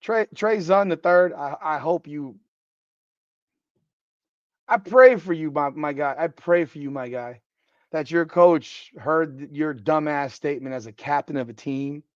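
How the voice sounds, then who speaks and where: A hoarse man hosts a live sports podcast, his voice sitting a little high. He rants and trash-talks like an excitable fan, swearing freely. The sound is dry and dull, like lo-fi stream audio. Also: normal speed, dry recording. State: hoarse, voice worn out. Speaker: podcast host. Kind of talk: live-stream sports talk reading chat.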